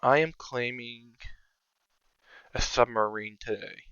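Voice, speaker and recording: A man's voice: mid-range voice, slow, fairly bright tone, smooth, dry recording, highs cut off. A man giving casual, think-aloud commentary over his own strategy game, sometimes counting under his breath. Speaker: strategy game video creator.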